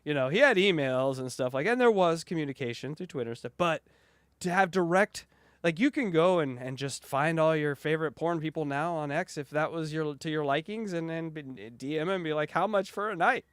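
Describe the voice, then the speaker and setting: A man's voice: fairly high pitch, fairly quick, clean tone, dry recording, studio quality. A man hosting a podcast in casual chat, rambling and laughing often. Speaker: podcast host.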